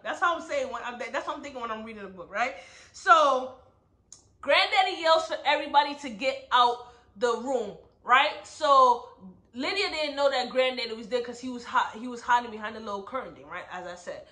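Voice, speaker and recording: A woman giving a casual, animated recap of a novel, often checking in with her listeners. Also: high-pitched, normal speed. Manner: animated storyteller, asks "right?" often. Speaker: book club host. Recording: roomy echo.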